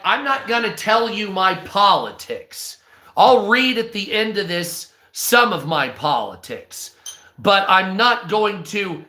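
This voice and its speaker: A man's voice: high-pitched, bright, forceful tone, echoey room. A stoned man reading news aloud on a live stream, breaking off into profane, hostile, sarcastic rants.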